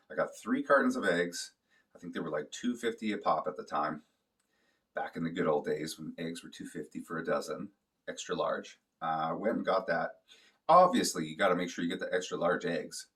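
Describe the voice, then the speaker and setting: A man with a very low voice tells a loose, swear-filled story in a relaxed, meandering way. He sounds set back from the microphone. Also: far from the mic. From Canada. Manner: rambling, profane, loose with fillers. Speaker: vlogger. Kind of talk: casual storytelling.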